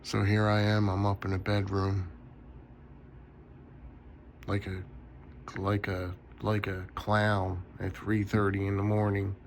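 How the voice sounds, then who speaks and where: A man's voice: lowish voice, completely flat delivery, takes it slowly, pauses often, slight background noise. A tired man rambling casually in a late-night vlog from his bedroom, yawning often. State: sleepy. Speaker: knife collector vlogger.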